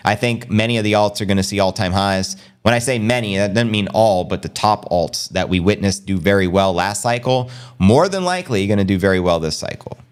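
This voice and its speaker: A middle-aged American man hosting a casual crypto livestream, energetic and slangy, reading and answering viewer comments. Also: on the low side, clear, resonant tone. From United States. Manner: energetic, fast-paced, slangy.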